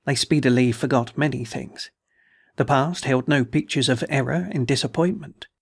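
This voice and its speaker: A man narrating a classic novel as an audiobook, reading in a steady, measured way. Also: mid-range voice, gravelly, breathy edge, dry recording, clean studio sound.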